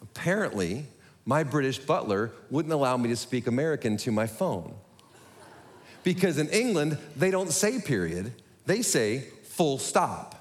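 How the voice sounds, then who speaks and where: A man preaching a sermon to his congregation, talking quickly with self-deprecating humor. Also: mid-range voice, big pitch swings. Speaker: pastor. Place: church sanctuary. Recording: echoey hall.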